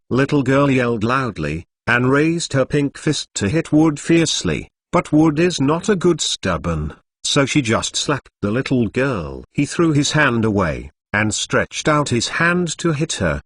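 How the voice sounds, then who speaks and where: A man's voice: medium pitch, very animated, measured pace, few pauses, fairly bright tone, no echo, clean studio sound. A man reading a translated novel aloud as an audiobook narrator.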